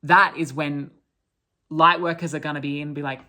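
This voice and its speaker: A woman's voice: low voice, steady tone, moderate pace, pushed and bright. A woman giving a channelled spiritual talk, earnest and restarting her sentences often.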